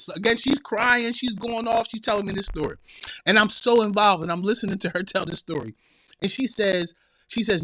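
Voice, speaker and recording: A man's voice: high-pitched, lively intonation, normal speed, pushed and bright, no echo, studio quality. A man hosting a podcast, telling a personal story in a heartfelt, preacherly manner and speaking directly to listeners as sisters. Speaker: podcast host. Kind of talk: heartfelt motivational monologue.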